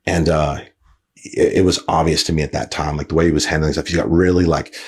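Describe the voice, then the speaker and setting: A man's voice: a bass voice, flat delivery, a little fast, breathy edge. A man hosting a podcast, telling a story casually with lots of fillers, restarts and swearing. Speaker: podcast host.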